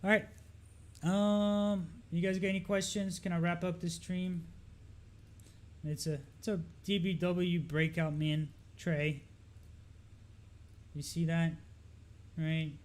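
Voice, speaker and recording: A young man from Lebanon talks loosely over trading charts on a live stream, pitched a touch above most men. He drifts and repeats himself, filling pauses with ums and asides. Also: flat delivery. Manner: loose, rambling, lots of fillers and repeats. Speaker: market analysis streamer.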